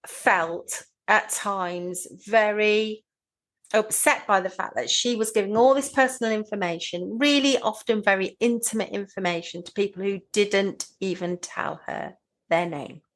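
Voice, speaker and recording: A woman's voice: mid-range voice, fairly bright tone, poor audio. Earnest woman podcast co-host. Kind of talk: casual chat.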